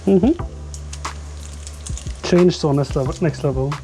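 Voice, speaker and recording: A man's voice: on the high side, takes it slowly, mellow. Man streaming from his kitchen, joking chatter to viewers, music playing behind. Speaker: livestreamer. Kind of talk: casual live-stream chat while cooking. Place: home kitchen, cooking.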